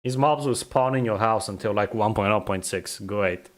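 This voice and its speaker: A man's voice: lowish voice, normal speed. A young man with a vaguely Eastern European accent, chatting and joking while streaming a game, rambling and laughing often. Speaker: gaming streamer. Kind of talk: casual live gameplay commentary.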